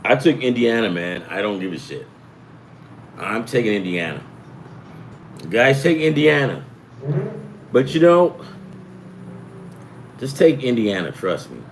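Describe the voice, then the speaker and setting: A man's voice: mid-range voice, big pitch swings, unhurried, pauses often, a little hiss or hum, rough recording. A middle-aged man hosting a sports betting talk, rambling and profane, jumping from topic to topic. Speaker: sports betting show host. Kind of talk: rambling casual chat.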